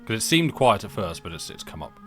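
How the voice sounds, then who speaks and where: A man co-hosting a let's-play stream, chatting casually and narrating a visual novel in a relaxed, hesitant way. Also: fairly low pitch, brisk, soft background music. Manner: relaxed, hesitant, many ums, laughs easily.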